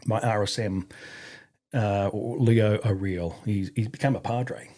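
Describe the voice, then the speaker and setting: A man's voice: fairly low pitch, steady tone, measured pace, warm tone. A man with an Australian accent, a podcast guest and army veteran, telling stories casually and swearing freely. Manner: swears freely, acts out others with a raised voice. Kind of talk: casual storytelling.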